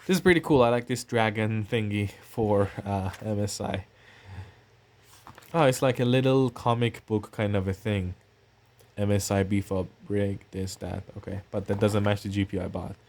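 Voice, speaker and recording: Male vlogger, fairly low voice, loose chatty unboxing talk with fillers. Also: moderate pace, a little mellow. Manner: chatty, rambling, thinking aloud with fillers. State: coughing now and then. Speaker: tech channel host. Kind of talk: casual unboxing narration.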